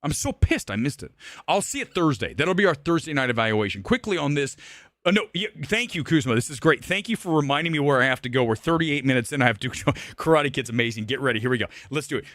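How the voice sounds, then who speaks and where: A man's voice: mid-range voice, expressive, fast, a bit bright, no room sound. A man hosting a live movie-talk stream, ranting bluntly and combatively with profanity and emphatic repetition. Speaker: live show host. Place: Los Angeles.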